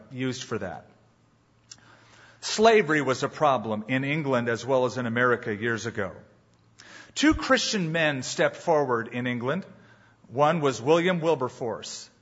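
A man's voice: mid-range voice, a bit bright. A man preaching a sermon as a pastor in a church, emphatic and full of rhetorical questions to the congregation. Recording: dull, muffled live sermon recording.

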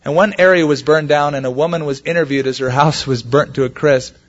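A man's voice: fairly high pitch, fairly even intonation, fairly quick. Preacher man, muffled old sermon tape. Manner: storytelling, rising emphatically on key points.

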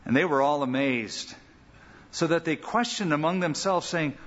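A male pastor preaching a sermon with lively delivery, acting out the lines he quotes. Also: a little high, normal speed. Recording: muffled sound with long hall reverb.

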